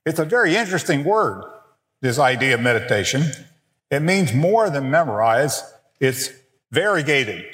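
A middle-aged man teaching a biblical counseling workshop, speaking in a slow, deliberate and emphatic way. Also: mid-range voice, big pitch swings, fairly bright tone. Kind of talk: teaching a workshop session with slides. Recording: echoey hall, long reverb.

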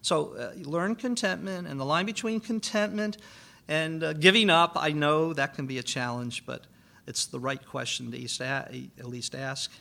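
A man's voice: fairly high pitch, moderate pace, vocal fry, sharp tone. A man giving an earnest, pastoral conference talk on biblical counseling, with frequent filler words.

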